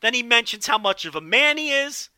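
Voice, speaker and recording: A man's voice: very high voice, very animated, a little fast, pushed and bright, clear, resonant tone, no room sound. A man giving a casual wrestling recap, enthusiastic and profane, riffing with jokes. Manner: enthusiastic, profane, joking riffs. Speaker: wrestling show commentator.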